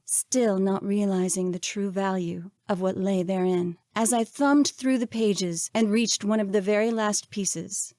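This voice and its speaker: A woman with a mid-range voice narrates her own memoir as an audiobook. She reads in a measured, expressive way. The recording is dry and close-miked, with no room sound. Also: mid-range voice, no room sound.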